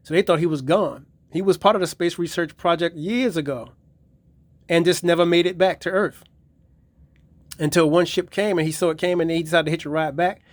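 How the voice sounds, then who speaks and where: Brief: man, higher voice, rambling and profane, dry close mic. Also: fairly even intonation, fairly quick, no room sound. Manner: profane, rambling retelling of episodes. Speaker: collector reviewing his DVD collection. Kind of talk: casual video review.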